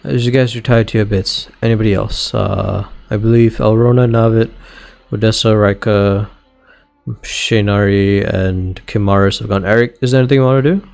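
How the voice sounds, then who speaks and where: A man's voice: fairly low pitch, steady tone, moderate pace, vocal fry, darkish tone. A man as game master of an online tabletop game, making loose, rambling announcements to his players.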